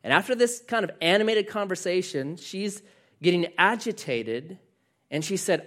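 A man's voice: high-pitched, lively intonation, normal speed, a bit bright. A man preaching a sermon, telling a story with quoted dialogue in an earnest manner. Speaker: pastor.

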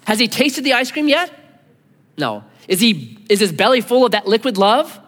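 A fairly high-voiced man preaches in his thirties, his pitch leaping all over as he acts out little voices. He swings from loud bursts to near hushes. A long reverb from a large church hall trails after every line. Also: very animated, normal speed, long pauses. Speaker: pastor. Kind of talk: sermon.

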